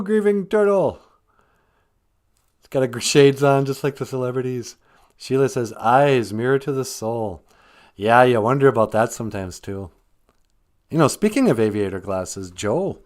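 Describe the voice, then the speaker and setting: A man's voice: medium pitch, darkish tone. A man hosting a live stream, rambling casually, joking and laughing often. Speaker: host.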